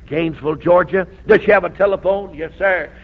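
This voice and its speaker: Revival preacher, male, high voice, folksy storytelling that breaks into shouts; muffled old recording. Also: a little fast.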